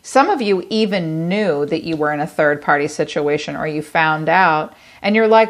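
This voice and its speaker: A woman's voice: deep voice, animated, normal speed, hardly any pauses. A woman giving a tarot reading in a chatty, blunt way, swearing casually. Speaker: tarot reader. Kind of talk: solo tarot reading to camera.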